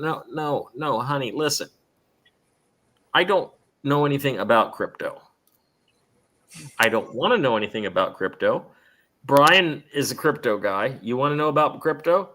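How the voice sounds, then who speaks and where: A middle-aged man hosts a live stream show in loose, rambling chat. His voice is bright and ringing, at an ordinary pitch. He often stumbles and restarts mid-sentence. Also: lively intonation. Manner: rambling, chatty, restarts often, quick laughs. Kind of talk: casual chat.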